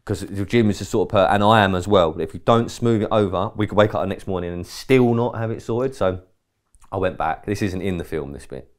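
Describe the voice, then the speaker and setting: A man's voice: sits low, brisk. A man from England co-hosting a podcast, telling a rambling anecdote in casual chat and acting out quoted dialogue with mild swearing. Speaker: podcast co-host.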